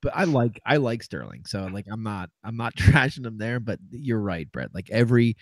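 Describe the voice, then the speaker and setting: Laughing, low-voiced man at a dry mic. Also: big pitch swings, normal speed, dry recording. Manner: laughs often while reading aloud. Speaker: podcast co-host. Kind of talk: casual sports chat.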